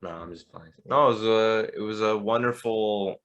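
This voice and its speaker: A man of thirty with a fairly low voice, talking in relaxed podcast chat. His delivery is laid-back and dry, with a teasing edge to it. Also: moderate pace, muffled recording. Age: 30s. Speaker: podcast co-host. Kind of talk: casual chat.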